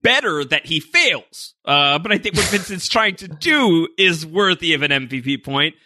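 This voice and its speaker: A man with a very bright, sharp-edged voice that sits a little high, co-hosting a podcast. He talks in an animated, opinionated way and often restarts his sentences. The sound is dry and close. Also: normal speed, no echo. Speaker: podcast co-host. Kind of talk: casual chat.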